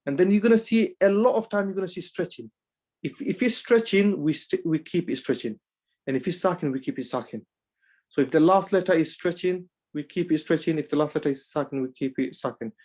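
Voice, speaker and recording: A man teaching Quran recitation rules in a class, halting and full of restarts, driving each rule home by repeating it. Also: a little high, a little mellow. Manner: drills rules through repetition. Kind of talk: online class lesson.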